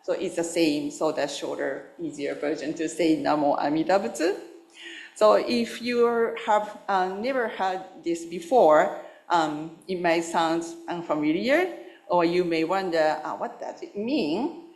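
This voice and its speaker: Slow-spoken woman minister in a roomy hall. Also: lowish voice. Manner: gentle, unhurried storytelling with fillers. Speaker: Buddhist minister. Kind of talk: dharma talk.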